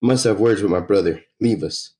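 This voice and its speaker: A man's voice: fairly low pitch, normal speed, mellow, lightly acted. A man voicing a fierce young female warrior from a comic, curt and commanding.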